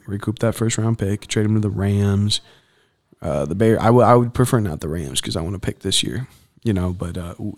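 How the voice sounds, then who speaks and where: A man's voice: on the low side, creaky. A young man hosting a solo sports podcast from a campus podcast booth, chatting casually with slangy asides and frustrated rants. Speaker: podcast host.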